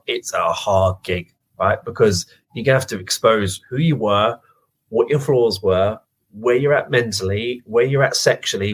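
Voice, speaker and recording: A middle-aged man from England answers interview questions with lively, anecdotal storytelling, slipping into the voices of the people he quotes. His voice sits low and a little husky, with a slightly rough, breathy edge. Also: poor audio. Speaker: guest, music producer.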